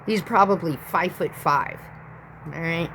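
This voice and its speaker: A woman's voice: fairly low pitch, unhurried, noisy background. A woman in her thirties telling a rambling, profane story in a casual vlog.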